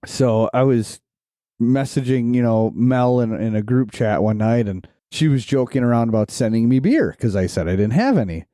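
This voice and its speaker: A man's voice: mid-range voice, lively intonation, normal speed, warm tone, dry recording, studio quality. A man co-hosting a podcast, telling a story in a casual chat and laughing often. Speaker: podcast co-host.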